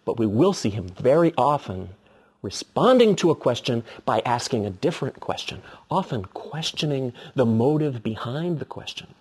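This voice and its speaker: A middle-aged man preaching a sermon, telling stories with animated, acted-out moments. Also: medium pitch, moderate pace, breathy edge. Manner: animated storytelling with acted quotes.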